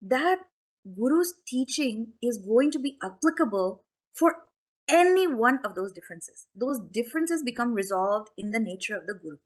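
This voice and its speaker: This woman's voice is a little high and animated, moving at a moderate pace. As a spiritual teacher in a temple hall, she talks conversationally, full of questions and frequent asides to those listening.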